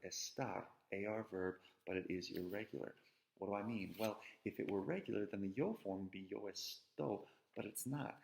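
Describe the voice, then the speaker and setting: A man's voice: deep voice, creaky, poor audio. A man teaching an introductory Spanish lesson in a playful, chatty way, often checking in with "right?". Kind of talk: casual classroom lecture.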